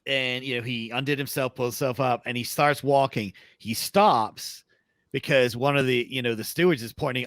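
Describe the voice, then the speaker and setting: Profane, animated male podcast co-host. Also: mid-range voice, moderate pace, dry recording. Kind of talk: casual chat.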